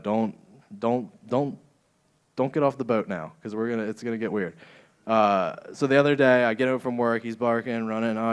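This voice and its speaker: A man's voice: mid-range voice, smooth. A young man doing a stand-up set in a comedy club, often laughing at his own jokes.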